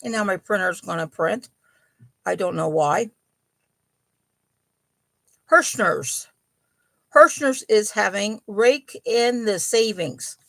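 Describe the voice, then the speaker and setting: A middle-aged woman hosting a relaxed home chat, unhurried and rambling, full of ums and little apologies. Her voice has a gravelly, fry-edged texture, and the sound is close and dry with no room echo. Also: mid-range voice. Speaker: host of a yarn and crochet channel. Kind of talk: casual live chat.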